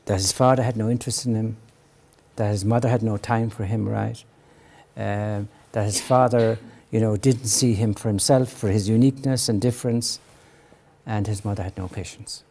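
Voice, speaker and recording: An older man giving an earnest talk on parenting as a psychologist. He often tags his points with a questioning "right?" and acts out parents' voices at a higher pitch. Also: gravelly, dark tone. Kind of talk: lecture to parents.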